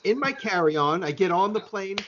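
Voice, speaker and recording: A man's voice: high-pitched, expressive, moderate pace, fairly bright tone, a little hiss or hum. Laid-back American man telling a story. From United States. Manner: rambling, laid-back, swears casually. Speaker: podcast guest. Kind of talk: casual storytelling chat. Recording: dull lo-fi sound.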